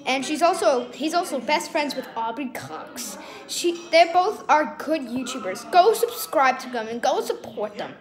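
A woman chatting casually, giving a rambling shout-out. Her voice sits high and moves around a lot as she talks. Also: animated, a little slow, hardly any pauses. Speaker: channel creator. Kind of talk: casual shout-out to other creators.

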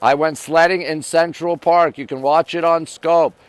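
A Canadian male livestream host greets viewers one after another, upbeat, while reading their comments in a live-stream chat. He's outdoors at night on a city rooftop deck, phone held at arm's length, his smooth voice on the high side with a steady tone, moderate pace, and a dry recording.

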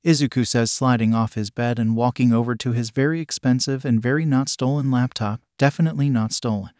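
A man narrating a fan fiction story in an even, steady reading style. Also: medium pitch, brisk, dry recording, studio quality.

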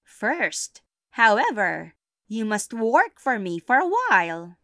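A woman voicing a menacing old witch who threatens to eat a child, loud and commanding. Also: fairly high pitch, big pitch swings, takes it slowly, no room sound, clean studio sound, voice pushed up, exaggerated voice.

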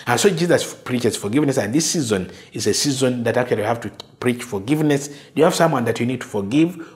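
A man from Uganda preaching a sermon in an earnest way, slowing down to stress quoted verses. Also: mid-range voice, lively intonation, a little mellow. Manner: earnest preaching with slow, drawn-out emphasis on quoted words. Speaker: pastor.

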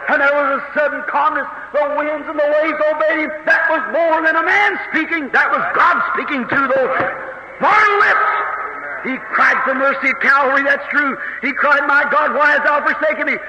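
A man preaching an impassioned revival sermon that builds to shouts, on an old 1950s tape in an echoey hall. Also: very high-pitched, highs cut off, a little hiss or hum. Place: large church hall.

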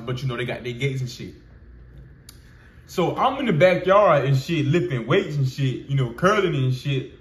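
In a medium-pitched voice with a roomy sound, a man in his 20s shares a casual personal story as a vlogger, using loose slang, swearing, and plenty of filler words.

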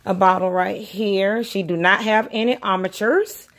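A woman's voice: mid-range voice, steady tone, unhurried, fairly bright tone. Chatty woman unboxing a doll. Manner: chatty, addresses viewers as y'all. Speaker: doll collector vlogger. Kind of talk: casual unboxing chat. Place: indoors at home, by a window.

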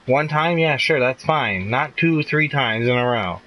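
A man's voice: medium pitch, lively intonation, a little slow, a bit bright, rough recording. A young man live streaming a video game, chatting casually and swearing as he gets frustrated. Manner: frustrated, swearing, laughing outbursts. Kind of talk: casual gameplay commentary.

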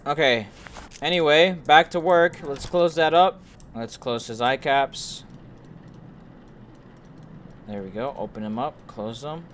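A young man streaming a horror game, joking and swearing to his chat as he plays, and shouting when something startles him. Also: on the high side, slow, long pauses, a little hiss or hum. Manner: joking, profane, talks to himself. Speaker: gaming streamer. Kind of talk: let's play commentary to chat.

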